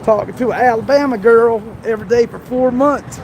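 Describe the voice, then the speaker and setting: A man's voice: very high-pitched, fairly quick, creaky. Baltimore-accented man, live streamer, chatty and laughing, noisy city street at night. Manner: chatty, laughs often, talks to viewers. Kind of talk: casual live stream chat. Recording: noisy street and traffic sound.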